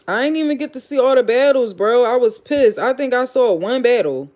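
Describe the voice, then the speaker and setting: A woman's voice: fairly high pitch, animated, fairly quick, a little mellow. A woman with a Philadelphia accent hosting a casual livestream, reading comments and telling gossipy stories in a loose, profane, blunt way. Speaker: livestream host.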